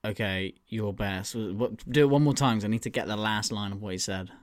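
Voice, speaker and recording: A man's voice: lowish voice, a little fast. A man co-hosting a casual podcast, thinking aloud as a quiz contestant, swearing freely and laughing.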